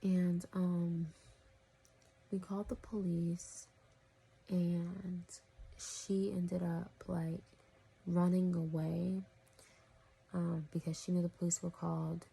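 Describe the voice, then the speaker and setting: Woman vlogger, low husky gravelly voice, flat delivery, rambling, drifts into whispers. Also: slow, long pauses. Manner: rambling, full of "you know" and "like", often drops to a whisper. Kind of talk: casual storytelling to camera.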